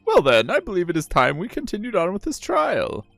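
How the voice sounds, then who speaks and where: Man putting on a fussy old judge, high thin voice, lively swoops, formal courtroom tone, dry close mic. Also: brisk, gravelly, no echo, faint music behind, full character voice. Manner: stiff, formal courtroom delivery.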